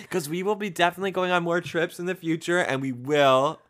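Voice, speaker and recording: A man's voice: high voice, fairly quick, a bit bright. A young man co-hosting a podcast in casual chat, throwing in playful, dry one-liners. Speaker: podcast co-host.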